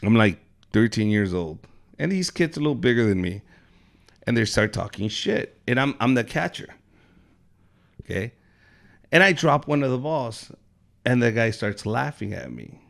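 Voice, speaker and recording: A young man hosting a podcast, telling loud, animated stories and swearing a lot. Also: medium pitch, normal speed, vocal fry, long pauses. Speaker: podcast host, comedian. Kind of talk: casual podcast chat.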